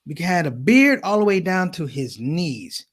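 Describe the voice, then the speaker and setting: Male stand-up comic, high-pitched, very lively delivery, addresses crowd directly. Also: normal speed, slightly rough. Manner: animated storytelling, addresses audience as brothers and sisters. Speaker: comedian. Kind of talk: stand-up comedy.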